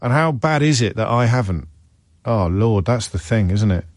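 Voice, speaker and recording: A man's voice: on the low side, animated, moderate pace, no room sound, studio quality. A man hosting a talk radio show, musing aloud in a wry, self-questioning way. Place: radio studio. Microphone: studio microphone.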